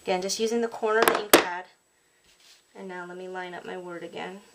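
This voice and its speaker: A woman's voice: on the low side, fairly even intonation, brisk, background noise. A woman casually narrating a card-making tutorial at her craft table, chatty and apologetic, with plenty of ums.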